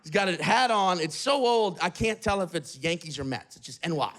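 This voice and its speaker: A man doing a profane, animated stand-up set in an apartment. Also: high voice, brisk. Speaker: stand-up comedian. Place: apartment with live audience. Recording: live apartment crowd. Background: small audience laughing.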